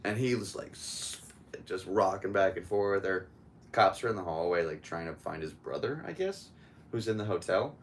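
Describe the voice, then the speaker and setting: A man's voice: deep voice, expressive, moderate pace, slight background noise. A man hosting a podcast, telling a story in casual chat, laughing often and acting out other people's lines. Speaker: podcast host.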